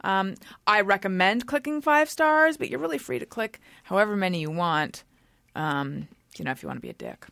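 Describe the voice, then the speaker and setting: A woman hosting a casual group podcast, chatty and quick to laugh, reading ads with a joking edge. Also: medium pitch, expressive, vocal fry, fairly bright tone, dry recording, clean studio sound. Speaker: podcast host.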